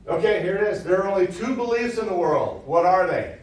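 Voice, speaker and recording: Preacher heard far off in an echoey room. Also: male voice, high voice, animated, brisk, darkish tone. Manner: conversational, repeats key phrases, laughs with the audience. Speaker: preacher teaching a session. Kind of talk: informal teaching sermon.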